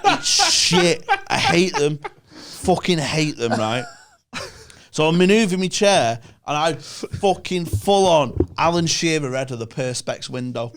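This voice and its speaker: A man's voice: a little high, expressive, unhurried. A young man with a Northern English accent, a podcast guest ranting and telling stories in casual, sweary chat.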